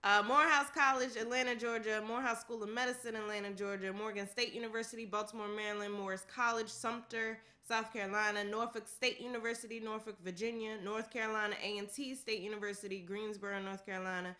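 A woman with a bright, forceful voice reads through a long list in a relaxed, casual way. She keeps a steady rhythm, laughs often, and drops in offhand asides. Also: mid-range voice, fast, few pauses. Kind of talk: casual reading of a list aloud.

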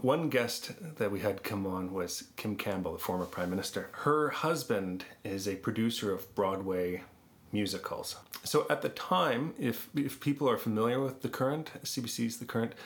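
A man, a podcast producer, telling stories in a conversational interview with frequent laughs. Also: on the low side. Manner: animated anecdotes with frequent laughs.

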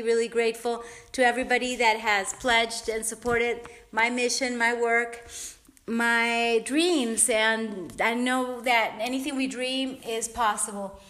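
A woman's voice: a little high, steady tone, measured pace, fairly bright tone, roomy sound. A woman podcast host, out of breath, chatting and cheering herself on in an upbeat, encouraging way while exercising. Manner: upbeat, self-coaching, encouraging. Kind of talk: casual motivational chat while exercising.

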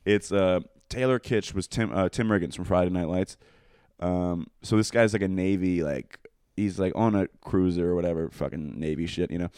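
A man's voice: sits low, moderate pace, a little mellow, clean tone, no echo, clean studio sound. A young man telling crude, rambling stories in casual chat, swearing and laughing often.

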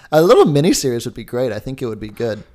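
A man's voice: mid-range voice, wildly swooping pitch, fast, darkish tone. A young man co-hosting a podcast in casual chat, rambling and jokey with lots of filler words. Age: young adult. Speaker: podcast co-host.

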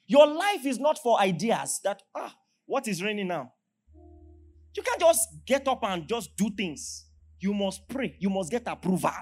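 Nigerian male pastor, lively pitch, sermon with soft music under it. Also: normal speed. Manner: animated preaching, swings from loud to hushed. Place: large church hall.

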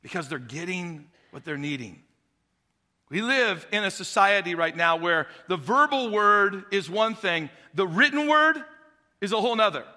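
A male pastor preaching a sermon, swinging between quiet, conversational asides and loud, shouted exhortation. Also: high-pitched, lively intonation, moderate pace, in a large hall.

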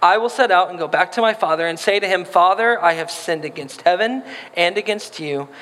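Man, preacher, sermon, playful, high voice, long hall reverb. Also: brisk, bright, forceful tone. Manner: playful, acts out voices in quotes.

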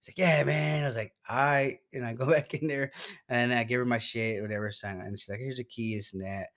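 A man's voice: mid-range voice, fairly even intonation, brisk, fairly bright tone. A man telling a long, profane story in casual chat, stumbling over his words and laughing as he goes.

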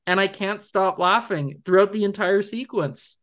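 Podcast co-host, young man, fairly high voice, eager and rambling. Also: moderate pace, a bit bright. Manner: enthusiastic, rambling with fillers and laughs. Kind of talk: casual film discussion.

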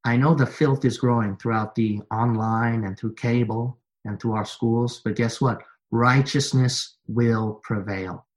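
A man's voice: mid-range voice, fairly even intonation, unhurried. Man preaching with rising intensity. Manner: repetitive preaching refrains, building to forceful exhortation. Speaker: pastor. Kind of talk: sermon.

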